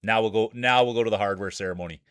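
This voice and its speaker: A man with a strong rural Saskatchewan Canadian accent calling a marble race live on stream, hyping racers with playful announcer shout-outs. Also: lowish voice, racing, clean tone, no echo, clean studio sound.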